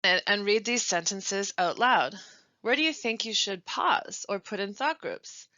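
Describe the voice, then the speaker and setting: A woman teaching a scripted webinar on pronunciation, reading example sentences slowly with deliberate stress and pauses. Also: mid-range voice, expressive, bright, forceful tone, no room sound, muffled recording. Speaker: language support instructor.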